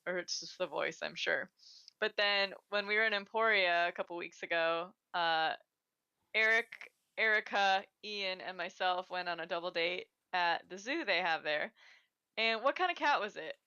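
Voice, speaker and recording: A woman's voice: lowish voice, normal speed, sharp tone, clean tone, highs cut off. A woman co-hosting a casual livestream chat, rambling and laughing often. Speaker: co-host.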